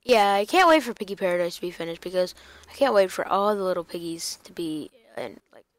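A woman's voice: lowish voice, expressive, brisk, no room sound. A young woman chatting casually through a block-building game video, rambling and breaking into silly sing-song bits. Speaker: gaming YouTuber. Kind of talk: casual gaming commentary.

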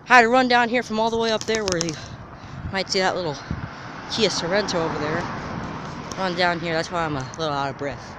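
Excitable commentary, rambling asides, handheld camera, outdoors, loud traffic behind. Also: mid-range voice, a little fast, pauses often. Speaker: plane spotter filming overhead jets. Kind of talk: casual running commentary to camera. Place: outdoors by a gas station near an airport. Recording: outdoor street noise.

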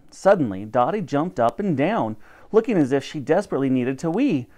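A man reading a children's chapter book aloud as storyteller, expressive and theatrical. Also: moderate pace. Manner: expressive, animated, lowers voice for narration.

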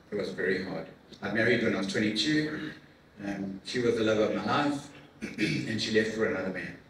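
A middle-aged man giving a heartfelt personal testimony to a men's breakfast, earnest and emotional, halting with repeats and fillers. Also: on the low side. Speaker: guest speaker at a men's breakfast. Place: large room at a church men's event. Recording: echoey hall from far off with faint noise.

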